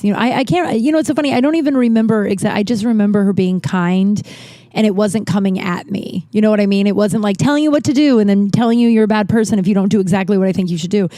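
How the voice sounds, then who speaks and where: A woman's voice: medium pitch, fast, warm tone, dry recording, studio quality. A woman hosting a podcast, telling personal stories in a rambling, candid way and swearing freely. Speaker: podcast host. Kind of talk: casual storytelling monologue.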